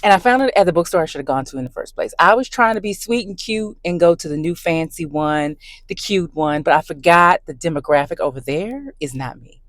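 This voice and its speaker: A woman telling a story to her camera in a casual, emphatic rant, talking with animated emphasis. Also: lowish voice, fairly quick, no room sound. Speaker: book vlogger. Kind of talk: casual ranting vlog. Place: in her car.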